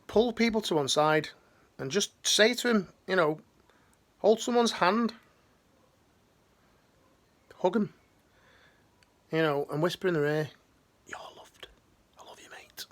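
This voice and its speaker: A man's voice: high-pitched, expressive, takes it slowly, long pauses, a bit bright. A middle-aged man, talking earnestly and slangily, rambling with restarts in a motivational talk. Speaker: life coach, ex-military.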